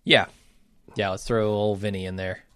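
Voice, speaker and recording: A man with a fairly low voice chats easily on a podcast, running through a list. The sound is close and dry, with no room around it. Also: little pitch movement, normal speed, pushed and bright, smooth, dry recording. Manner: easygoing, keeps the list moving, spells names aloud. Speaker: podcast co-host. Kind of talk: casual chat.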